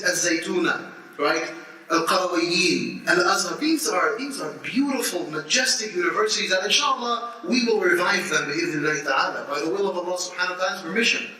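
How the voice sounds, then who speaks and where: An American teacher in his thirties delivers a lively lecture to students, frequently laughing and starting sentences over. His voice is bright and a bit high. The mic picks him up from afar in a big, echoey hall with faint noise.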